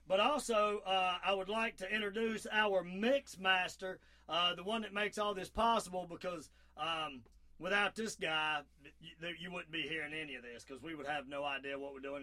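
A man's voice: a little high, fairly even intonation, normal speed, pushed and bright. A man with a Southern accent hosting a casual radio talk show, folksy and rambling, full of fillers. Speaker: host.

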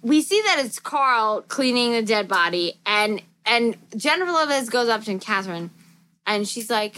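A woman co-hosting a casual podcast, retelling a movie with crude jokes and quick impressions of its characters. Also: a little high, animated, sharp tone, slight background noise, low-quality recording. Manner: crude, laughing, acts out characters' lines. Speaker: podcast co-host recapping a movie. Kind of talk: casual chat, retelling a film with quoted voices.

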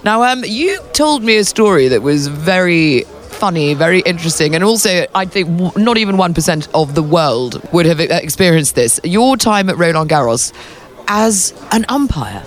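Animated, high-voiced male interviewer. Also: moderate pace. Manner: playful, quizzing, laughs easily. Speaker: interviewer, radio host. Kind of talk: casual interview.

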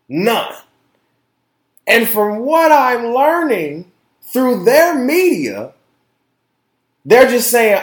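Podcast host, male, slow and heated, pitch leaping all over, roomy echo. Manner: impassioned, profane, repeats words, swings from shouting to quiet. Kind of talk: casual opinion podcast monologue.

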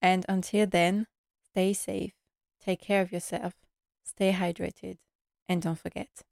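A woman podcast host recapping a sad episode while tearful, speaking in an emotional, halting way. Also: lowish voice, flat delivery, gravelly, darkish tone, no room sound, studio quality.

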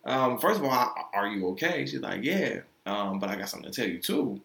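A man's voice: on the low side, big pitch swings, a little fast, vocal fry, a bit bright. A young man telling a personal story in a loose, candid, profane way, acting out the quoted lines. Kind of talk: casual storytelling. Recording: echoey room.

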